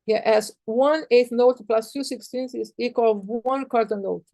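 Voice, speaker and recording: Higher-pitched woman teaching rhythm notation. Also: steady tone, unhurried, mellow, no echo. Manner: patient, repetitive, counts and sings rhythms on "ta". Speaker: music teacher. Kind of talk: explaining music rhythm notation.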